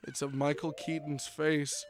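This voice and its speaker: A man's voice: a little high, level tone, measured pace. A young man streaming a game, chatting casually and joking with lots of fillers. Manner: rambling, joking, many fillers.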